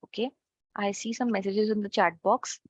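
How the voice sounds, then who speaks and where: A woman's voice: medium pitch, fairly even intonation, moderate pace, darkish tone, no room sound. A woman teaching French in an online class, explaining step by step and checking in with "okay" often. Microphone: video call. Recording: dull lo-fi online call audio.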